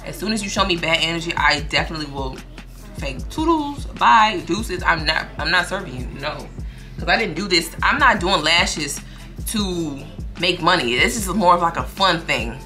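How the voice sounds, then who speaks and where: A young woman tells a story to her followers in a loose, slangy, profane way and acts out what others said. Her voice sits fairly low but sounds bright and forceful. Faint music plays quietly under her talk. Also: animated, normal speed. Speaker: vlogger telling a story. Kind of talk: casual storytime vlog.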